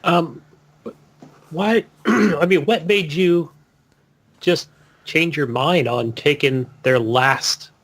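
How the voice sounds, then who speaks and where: A man's voice: a little high, extremely slow, pauses often, fairly bright tone. A man co-hosting a casual gaming podcast, talking hesitantly with many "like" and "you know" fillers. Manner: hesitant, full of fillers and restarts. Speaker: podcast co-host.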